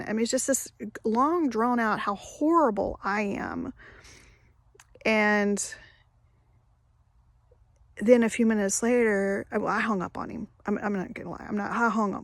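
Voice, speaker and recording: A woman in her fifties talks straight to the camera, candid and rambling, her sentences breaking off and restarting as she tells her story. Her voice sits mid-pitch for a woman. The sound is dry and close, with no room echo. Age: 50s. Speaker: vlogger. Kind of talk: confessional storytelling.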